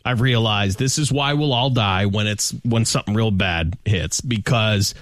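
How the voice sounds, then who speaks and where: A man's voice: on the low side, normal speed, no room sound, clean studio sound. A man co-hosting a talk show, joking and riffing in casual banter. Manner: joking, animated, laughs often. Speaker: radio show co-host.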